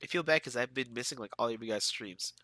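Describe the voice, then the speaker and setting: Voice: mid-range voice, fast talker, noisy background. Casual, giggly streamer with a stuffy cold voice. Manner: chatty and giggly. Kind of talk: casual let's-play chat. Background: loud game music.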